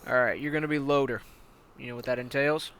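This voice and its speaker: Brutal male tank commander, played by a man: contemptuous, barking, profane, with a sharp, forceful edge. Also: mid-range voice, steady tone, fast talker, clear, resonant tone, lightly acted. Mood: menacing.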